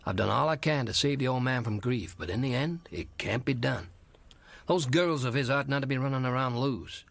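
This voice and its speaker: A man's voice: medium pitch, moderate pace, gravelly, dry recording. An actor playing a stern, fatherly older law officer in a 1940s-style radio drama, who talks bluntly and lectures.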